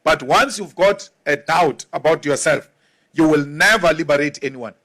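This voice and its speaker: A man's voice: a little high, moderate pace, a bit bright. A man from Africa, giving an emphatic, rousing political speech with mocking asides. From South Africa.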